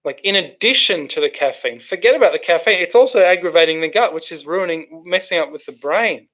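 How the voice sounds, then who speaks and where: A man's voice: on the high side, animated, a little fast, fairly bright tone. A man hosting a casual livestream, reading out chat comments and rambling with many restarts and fillers.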